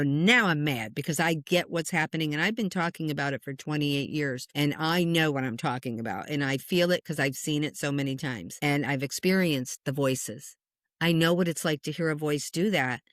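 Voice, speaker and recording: A woman who works as a spiritual medium, a guest telling stories in an earnest, passionate, animated way. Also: deep voice, no echo, studio quality. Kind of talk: conversational interview storytelling.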